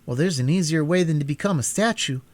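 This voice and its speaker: A frightened young boy, his voice pushed well up in pitch, pleads and protests with anxious urgency, as a man puts him on. He turns stubborn and rebellious in a storybook reading, and his voice swings widely. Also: sing-song, normal speed, darkish tone, no echo.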